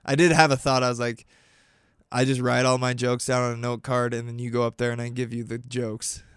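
A man's voice: mid-range voice, little pitch movement, a little fast, smooth, no room sound, studio quality. A young man co-hosting a comedy podcast, telling profane, self-mocking stories. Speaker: podcast co-host and stand-up comic. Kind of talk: casual chat.

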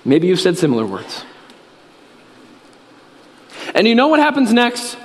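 A man preaching a sermon as a pastor, earnest and repetitive, with emphatic pauses. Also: high voice, huge pitch swings. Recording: reverberant hall.

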